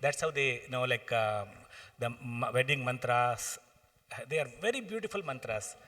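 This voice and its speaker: A man with a Tamil accent answering questions on a panel, halting with many fillers and restarts, sometimes chanting Sanskrit verses. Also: medium pitch, expressive, bright, forceful tone. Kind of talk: explanatory Q and A talk. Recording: long reverb of a hall.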